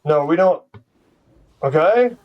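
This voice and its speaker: A man's voice: on the high side, animated, slow, far from the mic, highs cut off. A man streaming a card game live, ranting and swearing in profane trash talk at his opponent. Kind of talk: live gameplay commentary.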